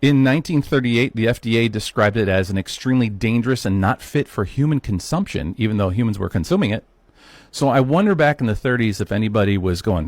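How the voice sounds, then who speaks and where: Man in his fifties, low voice, animated solo talk, rhetorical questions to viewers. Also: fast, no room sound. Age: 50s. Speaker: health talk host. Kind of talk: solo educational monologue.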